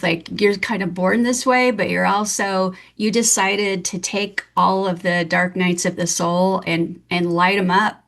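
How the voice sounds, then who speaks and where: A woman hosting a podcast with a voice of middle pitch. She reflects back on what her guest says and encourages her before asking the next question. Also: a bit bright. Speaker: podcast host, medium and intuition teacher. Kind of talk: casual interview.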